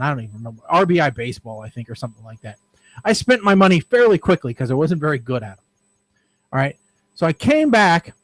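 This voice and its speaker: A man's voice: a little high, dry recording, low-quality recording. Rambling man, dry close mic. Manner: rambling, self-deprecating, frequent "all right". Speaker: podcast co-host. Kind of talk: casual radio show storytelling.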